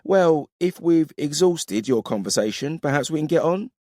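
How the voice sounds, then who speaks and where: A man's voice: fairly high pitch, expressive, moderate pace, dry recording, studio quality, voice pushed up. A man voicing a blunt, impatient female warrior who speaks curtly. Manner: curt and sharp.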